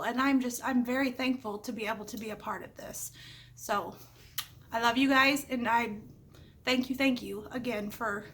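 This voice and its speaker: A middle-aged woman hosting a casual home decor vlog from her living room. She is chatty and homey, with lots of small asides, and is a little under the weather with the odd cough. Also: high voice. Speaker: home decor channel host. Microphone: camera set up nearby, moved around while she talks.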